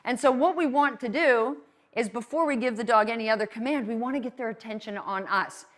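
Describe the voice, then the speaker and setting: Upbeat woman dog trainer, slightly high voice. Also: fairly quick. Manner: upbeat, checks in with frequent "okay?". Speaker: dog trainer teaching a class. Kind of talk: live class instruction.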